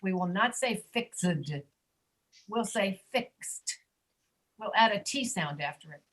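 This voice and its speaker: A woman leads an online pronunciation lesson over a video call. She draws words out slowly and repeats sounds for her students, in an even, middle-pitched voice. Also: low-quality recording. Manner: slow, drawn-out modeling of sounds. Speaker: ESL pronunciation teacher. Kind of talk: online class teaching.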